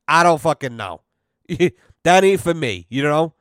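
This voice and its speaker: A man with a fairly high, smooth and resonant voice tells a long, swear-filled story in casual podcast chat. He rambles with many fillers and acts out both sides of a conversation. The sound is dry and close, with no room echo. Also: animated, moderate pace. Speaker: podcast host.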